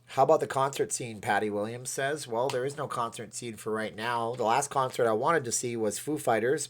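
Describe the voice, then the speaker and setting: A man from Canada hosting a livestream, chatting casually, rambling and reading viewer comments aloud. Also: medium pitch. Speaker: livestream host.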